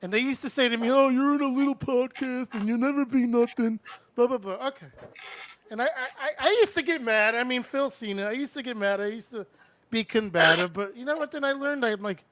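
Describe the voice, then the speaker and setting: A man's voice: very high-pitched, lively intonation, a little fast, pushed and bright, a little hiss or hum. A man hosting a live-streamed radio show, talking casually and bluntly, swearing freely and giving strong opinions.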